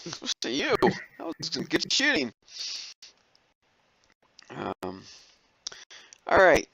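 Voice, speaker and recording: A man's voice: fairly high pitch, wildly swooping pitch, slow pace, gravelly, bright, forceful tone, slightly rough, dry recording, rough recording. A man from southern Alabama running a tabletop game as game master, chatty and often laughing, with many fillers. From southern Alabama, USA.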